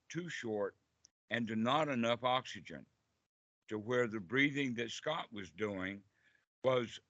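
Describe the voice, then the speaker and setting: A man's voice: medium pitch, a bit bright, no room sound, muffled recording. A man, a meditation teacher, explaining breathing to a group on a video call and asking them questions.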